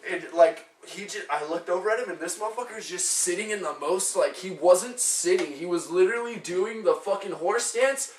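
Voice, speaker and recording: A young man co-hosting a casual podcast from a couch in a shared room tells rambling, profane stories and acts out the people in them. He speaks briskly in a high-pitched voice with hardly any pauses, sounding far from the mic in an echoey room with a little hiss or hum.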